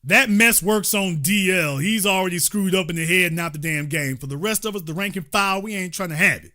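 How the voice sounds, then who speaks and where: A man's voice: sits high, brisk, pushed and bright. A male host ranting through political commentary in a heated, profane, mocking way.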